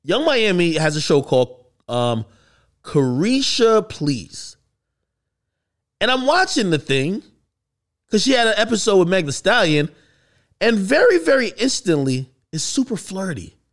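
A man's voice: high-pitched, a little slow, pauses often. A man hosting a podcast, giving casual, questioning commentary. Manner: conversational, questioning, animated. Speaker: podcast host.

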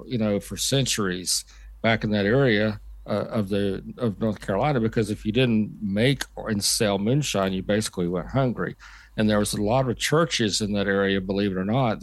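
An older man with a low voice recounts old stories as a podcast guest. He is unhurried and full of fillers and restarts. The recording is dry, with no room sound. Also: dry recording. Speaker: guest, motorsport journalist. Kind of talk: casual podcast storytelling.

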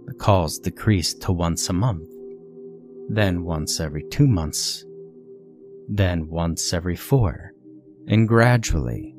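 Deep-voiced male narrator, somber and steady, reading a horror story over soft music. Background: faint music.

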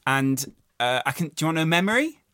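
A man's voice: fairly high pitch, big pitch swings, quick pace, sharp tone, clear, resonant tone, no echo, clean studio sound. A young man with a southern English accent co-hosting a podcast, easygoing and chatty, telling stories. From born in Liverpool, raised in England's south. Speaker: podcast co-host. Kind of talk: casual banter podcast.

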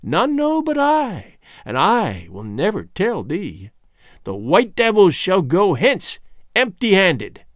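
A wicked, shrieking ancient witch-doctor woman, voiced by a man in an audiobook. Her voice is piping and shrill, pitched very high, and she drags her threats out slowly. The sound is close and dry. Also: wildly swooping pitch, no echo, full character voice. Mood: menacing. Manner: slow, drawn-out menacing threats. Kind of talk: audiobook character voice.

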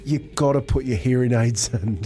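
A man's voice: medium pitch, normal speed. A man with a New Zealand accent, a radio co-host, telling a funny story and laughing as he goes. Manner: laughing, animated anecdote. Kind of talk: storytelling banter.

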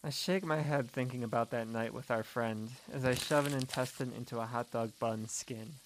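A man narrating a scripted first-person horror story in a steady, measured way. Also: mid-range voice, slight background noise.

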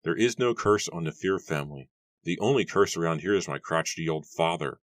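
A man voicing a good-natured young husband who talks calmly and reassuringly. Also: deep voice, a little fast, no echo. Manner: calm, reassuring, lightly teasing.

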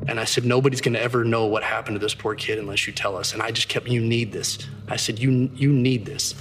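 A man's voice: medium pitch, fairly even intonation, quick pace, big-room sound, music in the background. A man, a detective, earnestly recounting how he questioned a suspect, speeding up as he replays his questions. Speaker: detective interviewee. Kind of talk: recounting an interrogation in an interview.

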